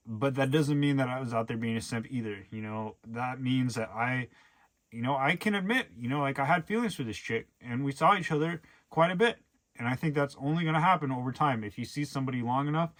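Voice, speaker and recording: A young man talking earnestly in a rambling way, with lots of fillers, in a casual personal vlog monologue. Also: medium pitch. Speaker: vlogger.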